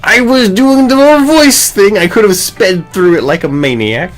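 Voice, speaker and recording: A man's voice: high-pitched, lively intonation, normal speed, soft background music. A man hosting a game playthrough, reading the text aloud with playful, rambling, mock-indignant asides. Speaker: gaming channel host.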